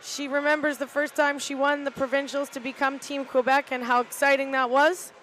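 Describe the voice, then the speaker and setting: Middle-aged woman as casual rink commentator: high, unhurried, chatty, faint arena hum behind. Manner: relaxed, chatty, hesitant with fillers. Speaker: volunteer play-by-play commentator, team parent. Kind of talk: amateur live sports commentary. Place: arena balcony overlooking ice rink.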